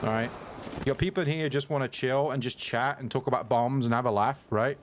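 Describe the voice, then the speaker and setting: A man's voice: medium pitch, fast talker, background noise. A young man streaming a game live, annoyed and ranting at a viewer in chat, repeating himself as he talks. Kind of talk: live gameplay commentary. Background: game music.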